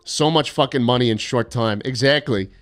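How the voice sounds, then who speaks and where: A man's voice: medium pitch, normal speed, fairly bright tone, faint music behind. A young man live-streaming a game, joking and sarcastic as he reads out viewer postcards. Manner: sarcastic, joking, mock-arrogant.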